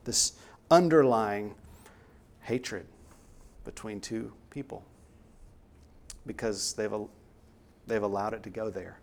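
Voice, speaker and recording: A man's voice: lowish voice, slow, creaky, pauses often, a little mellow, slight background noise. Earnest male preacher delivering a sermon. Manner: earnest, emphatic, rising to stress key words.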